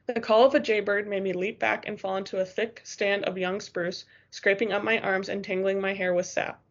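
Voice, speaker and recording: A woman's voice: mid-range voice, flat delivery, moderate pace, dull audio. A woman narrating a first-person novel as an audiobook, in a tense, urgent storytelling manner.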